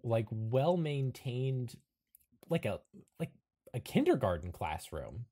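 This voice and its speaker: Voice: medium pitch, sing-song, slow pace, dark tone, slightly rough. A game master narrating a tabletop game, hesitant and full of fillers.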